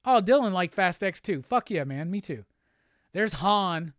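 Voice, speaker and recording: A male host chatting casually on a livestream while unboxing gifts, excitable and profane. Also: high-pitched, a little slow, dry recording, clean studio sound.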